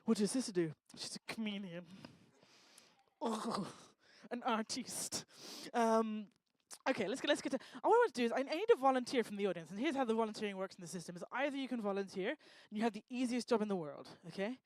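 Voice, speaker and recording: A woman doing lively, teasing crowd work on a live talk stage, speaking into a handheld microphone. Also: on the high side, no room sound. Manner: energetic, teasing, bossy and quick to joke. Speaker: stage performer working the crowd.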